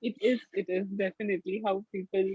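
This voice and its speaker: A woman host with a husky voice at middle pitch, feeling her way through her sentences with fillers and restarts. Her sound comes over a video call, dull and dry. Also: flat delivery, dry recording. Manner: hesitant, halting, with many fillers. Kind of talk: casual conversation.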